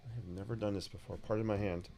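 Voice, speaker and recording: Upbeat gravelly man streaming his sketching. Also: on the low side, fairly even intonation, quick pace, dark tone. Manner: chatty, upbeat, talks to viewers while drawing. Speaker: artist live-streaming a sketch session. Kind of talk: casual live-stream chat. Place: home art studio with a 3D printer running. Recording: faint machine noise behind.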